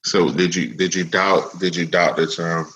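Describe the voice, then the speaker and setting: A man with a low voice and a bright, forceful tone, asking questions in a casual interview. He is blunt and informal and often restarts his questions before he finishes them. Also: steady tone, normal speed, dull audio.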